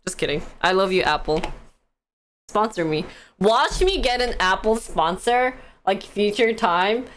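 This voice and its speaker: A woman's voice: mid-range voice, lively intonation, measured pace, a bit bright, a little hiss or hum. A young woman hosting a live stream, chatting casually and giggling as she reads stock news and answers the chat.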